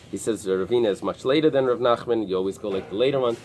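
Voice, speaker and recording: A man teaching a Talmud class, pausing and restarting often as he explains the text. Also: on the low side, a little mellow, slight background noise. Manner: explains in halting restarts with many fillers. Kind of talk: early-morning Talmud class. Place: synagogue study room with a small group.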